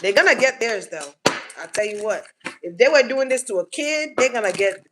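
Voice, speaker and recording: A woman's voice: a little high, expressive, moderate pace, noisy background. A woman giving a casual collective tarot reading, blunt and slangy, swearing freely and repeating words for emphasis. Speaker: tarot reader.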